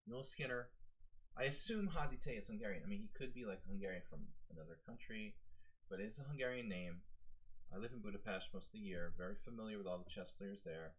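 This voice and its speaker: Man, lowish voice, chatty and rambling, live chess stream commentary. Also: quick pace, fairly bright tone, poor audio. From American. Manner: chatty, rambling, lots of fillers.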